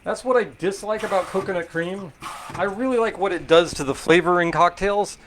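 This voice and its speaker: A man's voice: high voice, fairly quick, fairly bright tone, a little hiss or hum. A middle-aged man from California's Central Valley, hosting a casual cocktail stream and thinking aloud with lots of fillers as he mixes. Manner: rambling, thinking aloud with fillers and self-corrections. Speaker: host making cocktails. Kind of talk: casual live-stream chat while mixing drinks.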